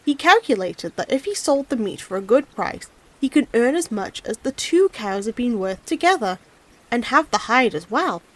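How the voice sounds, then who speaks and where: Woman audiobook narrator, expressive storybook read, lively and a touch high. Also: normal speed. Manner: expressive, animated reading. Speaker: audiobook reader.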